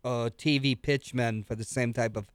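A man's voice: mid-range voice, fairly even intonation, normal speed, smooth, no room sound. An older man from New York on a casual talk show, rambling through knowledgeable stories and slipping in dry jokes. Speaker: show regular, trivia expert.

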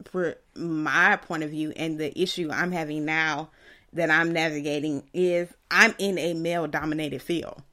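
Female co-host, lower voice, firm and emphatic, casual podcast talk. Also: steady tone, normal speed, pushed and bright. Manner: emphatic, repeats "you know what I'm saying". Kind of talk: casual chat.

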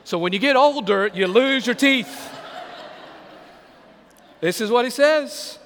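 Male pastor, high voice, playful sermon with questions to the pews, live hall reverb. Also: expressive, slow, fairly bright tone, a little hiss or hum. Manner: humorous, asks the congregation questions. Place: church sanctuary.

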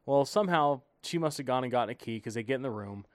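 Relaxed guy telling a funny hotel story, dead dry sound, voice jumps around a lot. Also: mid-range voice, quick pace, dry recording. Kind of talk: casual storytelling among friends.

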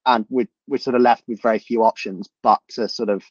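A man's voice: mid-range voice, fairly even intonation, a little fast, breathy edge, no echo, dull audio. A man in a political discussion, who talks thoughtfully and repeats words as he works out his points. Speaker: guest commentator.

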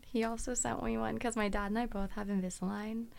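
A young woman in her twenties hosting a casual chat, telling animated stories with frequent giggles. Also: fairly high pitch, fairly quick, creaky. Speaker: podcast host.

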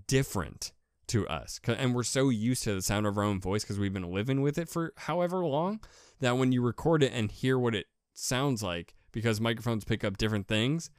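A man's voice: medium pitch, dry recording, studio quality. A man hosting his own podcast in a casual solo monologue, rambling and poking fun at himself, often restarting and repeating words. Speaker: podcast host.

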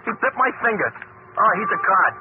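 An actor playing an excitable cab driver sidekick who talks in slang and repeats himself, in a 1940s radio drama. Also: male voice, high-pitched, fairly quick, phone-quality sound. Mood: eager. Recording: scratchy old radio broadcast, hissy.

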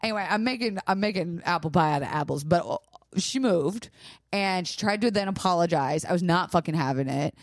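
Animated young woman telling a story. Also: on the low side, fairly quick, no room sound. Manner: animated, acts out quotes loudly, profane. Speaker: podcast co-host. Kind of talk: casual storytelling chat.

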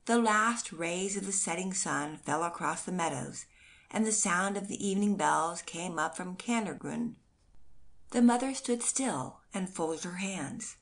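A woman reading a classic storybook aloud in gentle, steady scripted narration. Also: lowish voice, a little slow, vocal fry. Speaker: audiobook narrator.

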